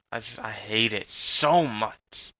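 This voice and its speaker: Ranting young man, bright tense voice. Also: fairly low pitch, drawn-out words, dry recording, poor audio. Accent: slight Southern US. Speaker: vlogger. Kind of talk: rambling casual rant.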